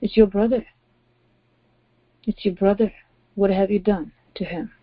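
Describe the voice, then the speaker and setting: Woman pastor, emphatic sermon, repeats key phrases, mid-pitched voice, muffled dry sound. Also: fairly even intonation, a little slow, husky, no room sound. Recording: dry, dull lo-fi audio.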